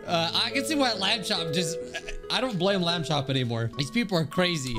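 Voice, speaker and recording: An excitable man gives let's play commentary, joking and reacting loudly. His voice sits high and swings widely in pitch. Game music plays under his talk. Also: unhurried, long pauses. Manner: excitable, jokey and expressive. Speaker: gaming YouTuber.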